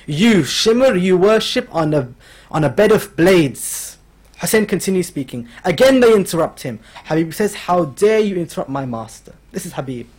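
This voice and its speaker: Male preacher, high tenor, dramatic storytelling sermon. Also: expressive, moderate pace, a little mellow, slightly rough. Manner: storytelling, quoting figures with rising emotional intensity. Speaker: religious speaker. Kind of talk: mourning sermon narration. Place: lecture hall.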